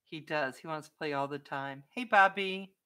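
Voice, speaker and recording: A woman's voice: deep voice, little pitch movement, fairly quick, fairly bright tone. A woman vlogger in a casual live-stream chat with viewers, chatty and playful, often laughing and breaking off to talk to her dog.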